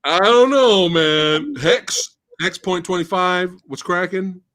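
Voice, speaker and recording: A man in his forties telling a story casually on a live stream, laughing loudly and mimicking people in a slow, low voice.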